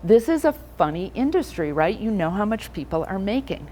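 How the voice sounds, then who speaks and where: A woman's voice: medium pitch, big pitch swings, a little fast, dark tone. A middle-aged woman giving a conversational keynote talk to a room of financial advisors, telling stories and putting questions to the audience.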